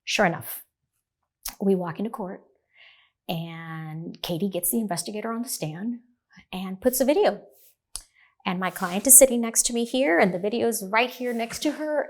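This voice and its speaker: A middle-aged woman, a divorce lawyer, talking in an animated storytelling way and acting out the dialogue. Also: mid-range voice. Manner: animated, acts out quoted dialogue. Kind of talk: storytelling in a podcast interview.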